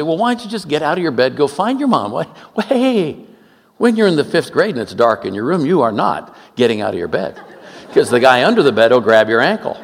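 A preacher in his seventies from Oakland, California, US, delivers a sermon full of funny stories, his mid-range voice swinging up and down with lively energy. He slips into quick, joking asides, and the long reverb of a large hall carries his words.

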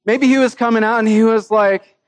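A man's voice: sits high, steady tone, brisk, no room sound. A man preaching a sermon in a casual, joking way, with his own scripture readings mixed in. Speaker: pastor.

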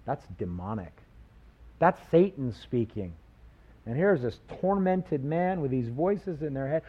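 A man preaching a sermon, animated, with rhetorical questions and acted-out quotes. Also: mid-range voice, moderate pace, husky, muffled recording. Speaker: pastor.

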